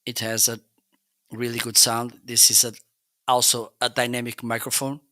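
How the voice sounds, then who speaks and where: A man's voice: medium pitch, little pitch movement, normal speed, pushed and bright, dry recording. A man hosting a casual product review livestream, chatty and full of restarts, on a close studio mic. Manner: chatty, repeats "okay?", frequent restarts. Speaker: live-stream product reviewer. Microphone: close dynamic studio mic.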